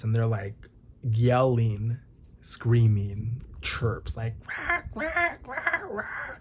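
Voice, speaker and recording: A man's voice: on the low side, dark tone, slight background noise. Rambling young man vlogging casually. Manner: rambling, swears often, many likes. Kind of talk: casual chat to camera.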